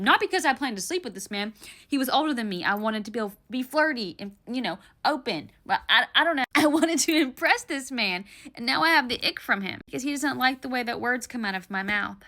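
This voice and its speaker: A young woman from Tennessee with a Southern accent, telling a casual storytime in an animated, exasperated, blunt way. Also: medium pitch. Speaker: storytime vlogger.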